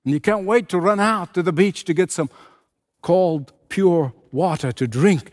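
A man's voice: high voice, measured pace, darkish tone. A man preaching a sermon with an impassioned, repetitive cadence, hammering his points again and again.

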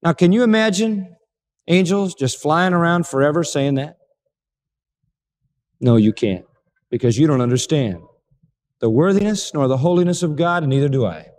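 A man preaching a sermon, animated and dramatic, acting out the lines he quotes. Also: fairly high pitch, normal speed, long pauses. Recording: long reverb of a large hall.

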